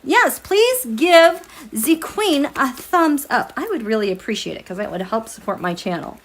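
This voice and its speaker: Chatty high-voiced woman hosting a livestream. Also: moderate pace. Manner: chatty, animated, laughs often, reads viewer comments aloud. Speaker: tarot livestream host. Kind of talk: casual livestream chat with viewers. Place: home, at night.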